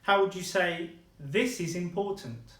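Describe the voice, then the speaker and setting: A man's voice: sits high, unhurried, fairly bright tone, echoey room. A man teaching a beginner language lesson, patiently modeling words and praising his student.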